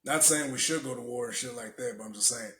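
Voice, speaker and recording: A man co-hosting a casual podcast, talking in a profane, animated way and laughing often. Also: medium pitch, quick pace. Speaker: podcast co-host.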